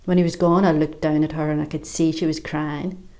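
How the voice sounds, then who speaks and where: Stage monologue: an actress as a hard-edged middle-aged Irish mother, bitter and foul-mouthed, with a lowish voice and a mocking bite. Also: flat delivery, a little fast. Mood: scornful, fierce. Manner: sharp-tongued, swearing, mocking storytelling.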